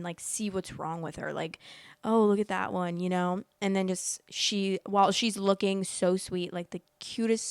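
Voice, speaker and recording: A woman's voice: medium pitch, clean tone, dry recording, studio quality. A young woman hosting a casual storytelling vlog, chatty and rambling, filling her talk with "like", emotional as she tells it. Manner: chatty, rambling, many likes. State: emotional, teary. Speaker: host.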